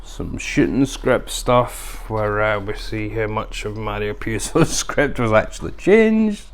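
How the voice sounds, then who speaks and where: A man's voice: on the low side, animated, slow pace, smooth. A man hosting a casual unboxing review, chatty and rambling with lots of fillers. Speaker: video host.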